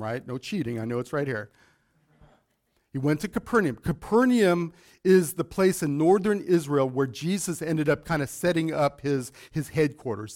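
Male pastor, slightly high voice, lively teaching sermon, quizzes the congregation. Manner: animated, quizzes the congregation with questions.

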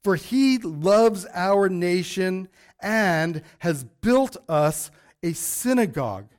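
High-voiced man preaching a Bible sermon. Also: lively intonation, slow. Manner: conversational Bible teaching with fillers and asides. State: voice going in and out. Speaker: pastor.

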